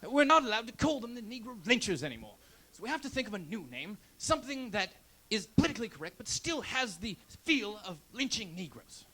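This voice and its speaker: A man's voice: high voice, big pitch swings, fairly quick, sharp tone, voice pushed up, heavily acted. A man voicing a pompous British male sports team manager, with a put-on British accent and a stiff, officious delivery.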